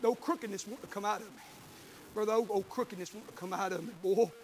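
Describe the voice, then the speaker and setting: A preacher man with a strikingly high voice for a man, delivering a sermon in church. He tells homespun stories in a fervent, folksy way that breaks into shouting. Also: fast, slight background noise.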